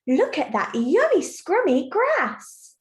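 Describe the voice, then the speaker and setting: A woman voicing an excited, hungry male billy goat from a children's story, eager and gushing. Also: very high-pitched, slow, pitched above the performer's own voice, exaggerated voice. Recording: echoey room.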